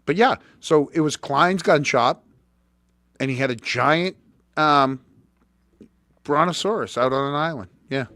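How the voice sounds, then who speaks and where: A middle-aged man hosting a casual chat, telling stories in an animated way and repeating words when he gets going. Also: fairly high pitch, unhurried, pauses often, no echo, clean studio sound. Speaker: host.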